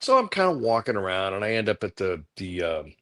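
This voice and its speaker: A man's voice: on the low side, brisk. A middle-aged man, a guest comic artist, telling casual stories on a livecast and acting out quoted voices. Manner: animated anecdotes, acting out quotes.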